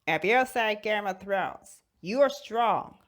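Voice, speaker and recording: A woman hosting a toy channel, chatting casually and comically about fandoms, giggling, sighing dramatically and bursting into shouted bits. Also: medium pitch, animated, slow pace. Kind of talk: casual comedic fandom chat.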